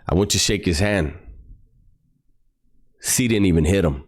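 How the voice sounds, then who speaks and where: A man's voice: sits low, moderate pace. Blunt, profane man telling a story. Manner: blunt, profane street slang. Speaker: podcast guest. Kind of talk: recounting a personal story.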